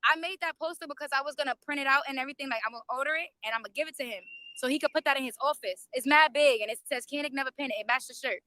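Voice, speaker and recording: A woman chatting live to her viewers on a phone, high-pitched and loud, with plenty of swearing. Her voice is bright and sharp, and the sound is close and dry with no room echo. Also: racing. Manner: animated, profane, talks straight to viewers. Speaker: YouTube livestreamer. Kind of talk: casual live-stream commentary. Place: outside a courthouse overflow room.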